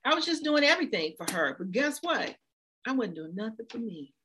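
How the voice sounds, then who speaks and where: A woman's voice: fairly high pitch, very animated, a little fast, sharp tone, slight background noise. A middle-aged woman speaking as a guest, telling her own story earnestly and acting out quoted voices. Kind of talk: heartfelt interview talk.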